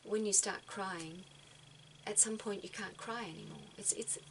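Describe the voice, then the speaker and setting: A woman talking gently and reflectively to her viewers, giving spiritual advice and often repeating words as she thinks. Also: medium pitch, measured pace, vocal fry, slight background noise, poor audio.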